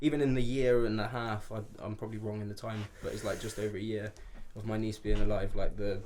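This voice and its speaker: Fast-talking man, rambling. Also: on the low side, level tone, darkish tone, a little hiss or hum. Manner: rambling, with many restarts and fillers. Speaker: podcast guest, rapper. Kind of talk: casual chat.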